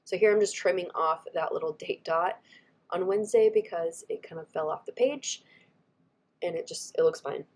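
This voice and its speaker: A woman, chatting warmly and gushing as she walks through her planner stickers, her voice a little scratchy from a cold. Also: fairly low pitch, normal speed. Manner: gushing, chatty, frequent soft asides. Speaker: planner vlogger. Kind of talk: casual chat over a craft video.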